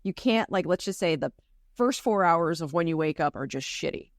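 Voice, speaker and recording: A woman's voice: lowish voice, lively intonation, moderate pace, no room sound, studio quality. A woman co-hosting a podcast, talking bluntly and casually, with some swearing. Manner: blunt and swearing, laughs easily. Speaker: podcast co-host.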